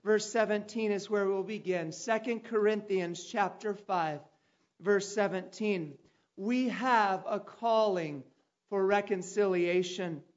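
A man preaching a sermon, telling a personal story with dramatic turns and loud calls. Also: sits high, slow, dull audio. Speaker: pastor.

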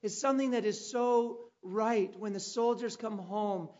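A man preaching a sermon, telling a personal story with dramatic turns and loud calls. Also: high-pitched, steady tone, unhurried, dull audio. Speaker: pastor.

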